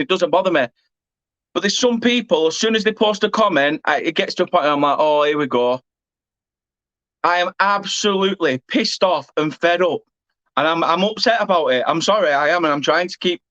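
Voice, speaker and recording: A man's voice: high-pitched, fairly bright tone, dry recording, lo-fi sound. A man with an English accent who hosts a football fan channel, ranting angrily and swearing while repeatedly apologising. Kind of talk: angry rant to camera.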